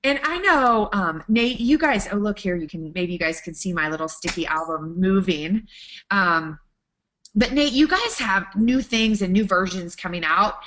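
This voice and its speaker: A woman's voice: medium pitch, lively intonation, moderate pace, a bit bright. A woman speaking as a guest photographer in a webinar talk, chatty and enthusiastic, often restarting her sentences.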